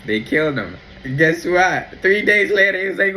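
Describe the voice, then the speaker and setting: A man giving a casual, excited faith reflection, telling the story in slangy everyday talk and exclaiming in wonder. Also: sits high, moderate pace, slight background noise, poor audio. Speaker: Christian vlogger.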